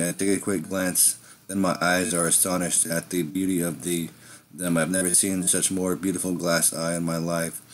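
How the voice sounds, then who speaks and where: A man's voice: low-pitched, a little hiss or hum. A man telling an improvised first-person story in a rambling way, with slips and restarts.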